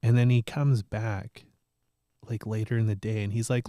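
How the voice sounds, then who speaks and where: With a mid-range voice, moderate pace, and no echo, this man hosts a laid-back chat show podcast. He tells lively stories, frequently breaking into laughter and the occasional curse.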